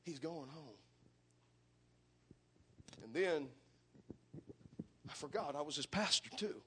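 A middle-aged man preaching a fervent sermon, building to shouts in a chanting cadence. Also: fairly high pitch, lively intonation, slow, a little hiss or hum. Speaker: pastor. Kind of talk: impassioned sermon.

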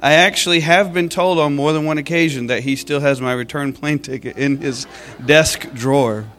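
A man's voice: on the high side, normal speed, fairly bright tone. A man giving an emotional church testimony, heartfelt and at times tearful, laughing at his own past.

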